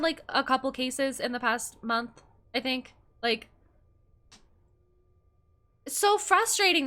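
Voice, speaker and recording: Young woman streamer, heated swearing rant, bright forceful tone, casual chat. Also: a little high. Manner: heated, swearing, quick to anger. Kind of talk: casual ranting chat while gaming.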